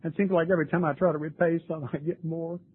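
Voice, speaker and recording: A man's voice: fairly high pitch, flat delivery, very fast, breathy edge. An older man, sharing his recovery story at a meeting in an earnest, emotional way. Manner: earnest, emotional, tearful at times. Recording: tinny lo-fi recording with faint noise.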